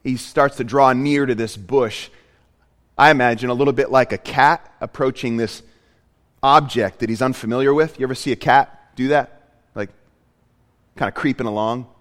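A man's voice: mid-range voice, fairly even intonation, moderate pace, fairly bright tone, big-room sound. A male pastor preaching a sermon, earnest and storytelling, with emphatic repetitions.

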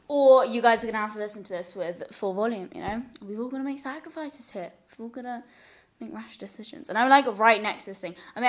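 Woman host, a touch high, giggly rambling chat into a close mic on the couch. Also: a bit bright. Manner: rambling, chatty, often laughing. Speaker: podcast host. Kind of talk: solo casual podcast chat. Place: couch at home, indoors. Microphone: large studio mic pulled up close.

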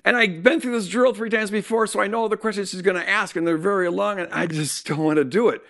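A man telling a personal story in a sermon, animated and acting out what people said. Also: sits high, quick pace, creaky. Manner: animated storytelling with acted-out quotes. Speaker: speaker.

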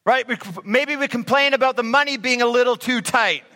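A man preaching a sermon as pastor, animated and acting out grumbling voices. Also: extremely high pitch, a little fast. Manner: animated, acts out complaining voices. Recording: reverberant hall.

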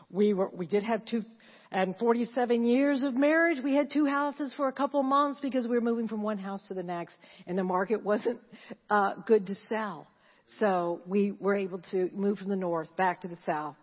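Woman pastor in her sixties, fairly high voice, lively, chanting preacher; dull mic, hall reverb. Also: normal speed. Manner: animated, laughing, repeats phrases, chants. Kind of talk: sermon. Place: church.

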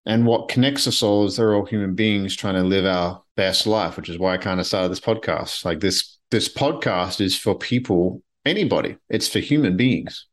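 A man from Canada hosting a solo podcast, talking candidly and rambling, swearing now and then. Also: lowish voice. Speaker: podcast host. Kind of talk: solo reflective podcast monologue. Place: his apartment.

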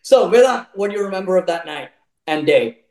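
A man's voice: high voice, lively intonation, a little fast, darkish tone. A man co-hosting a podcast in casual chat, teasing in a dry, mock-formal way. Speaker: podcast co-host. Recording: roomy echo.

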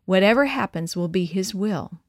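A woman voicing a calm, faithful father who speaks to his son in a steady, reassuring way. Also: mid-range voice, moderate pace, no room sound, clean studio sound, lightly acted.

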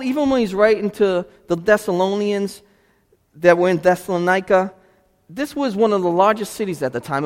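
A man preaching a sermon as a pastor, animated, shifting between quiet reflection and loud emphasis. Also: sits high. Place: church sanctuary. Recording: long hall reverb in a church.

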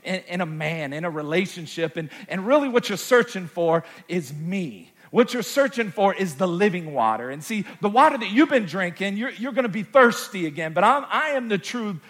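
A frank, down-to-earth Jesus, as a preacher puts him on mid-sermon, speaking plainly in modern slang. The voice sits fairly high for a man. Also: sing-song, normal speed, hardly any pauses, fairly bright tone. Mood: gentle. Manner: casual modern paraphrase.

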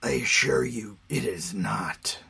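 A man voicing a grim, secretive male leader who speaks in a hushed, breathy whisper. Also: fairly low pitch, expressive, slow pace, pitched below the performer's own voice, full character voice. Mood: hushed, grave.

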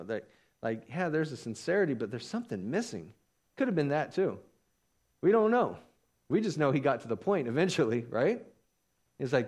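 A man preaching a sermon, animated and acting out the voices of the people he talks about. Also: medium pitch, brisk. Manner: animated, acts out voices of biblical figures. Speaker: pastor.

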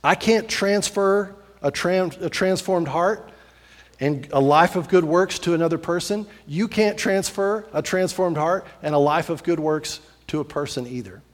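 A pastor preaching to his congregation, his voice a little higher than most men's. He tells the story with animated repetition, stacking phrase upon phrase. The sound rings with the long reverb of a church hall. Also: measured pace. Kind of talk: sermon.

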